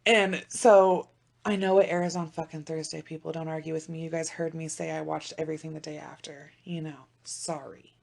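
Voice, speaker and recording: A woman in her thirties co-hosting a podcast, telling stories in a casual chat with animated swings from loud outbursts to hushed asides and plenty of swearing. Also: low-pitched, moderate pace, gravelly. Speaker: podcast co-host.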